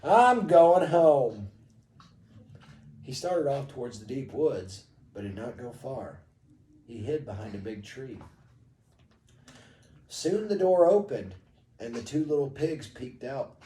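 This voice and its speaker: A woman reads a bedtime story aloud to a child in a gentle, expressive way. Her voice is low and mellow, and her pace is unhurried. She sounds set back from the mic in an echoing room. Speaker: parent reading to a child. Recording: roomy echo, distant mic.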